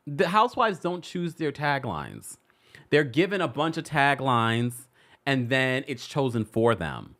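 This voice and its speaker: A man's voice: medium pitch, sing-song, slow, fairly bright tone. A man hosting a celebrity gossip show, chatting casually with his live audience in a playful, teasing way, laughing often. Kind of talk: casual commentary to a live chat.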